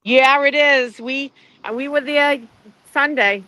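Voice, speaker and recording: A woman's voice: high voice, slow, sharp tone, dry recording. A woman live streaming by phone outside a courthouse, chatty, greeting viewers by name and swearing casually. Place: outdoors at a courthouse.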